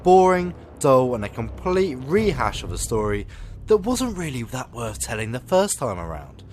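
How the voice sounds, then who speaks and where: A man hosting a film podcast, reviewing films and chatting casually with a sarcastic, animated delivery. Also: mid-range voice, moderate pace, slight background noise. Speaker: podcast host.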